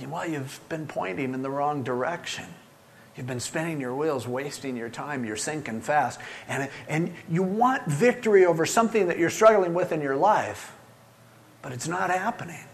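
Animated older male pastor preaching. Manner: animated, swinging from loud urging to hushed low tones. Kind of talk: sermon.

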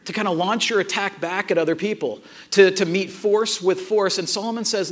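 A man in his thirties, a pastor giving a conversational sermon with tag questions and lively storytelling. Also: sits high, a little fast, few pauses.

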